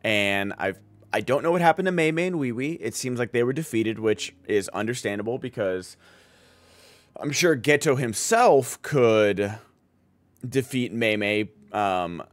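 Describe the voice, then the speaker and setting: A man's voice: medium pitch, lively intonation, unhurried, dry recording. A man streaming and chatting casually, enthusiastic and rambling, with lots of filler words. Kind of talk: casual chat.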